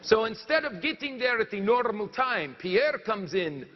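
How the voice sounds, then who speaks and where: Man plays a bragging French woodcutter with a put-on French accent and a high voice. He pauses to hunt for words. Dull, echoing stage sound. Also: very animated. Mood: storytelling. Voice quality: halting, searching for words. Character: boastful French lumberjack man, storyteller. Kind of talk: comic monologue in character.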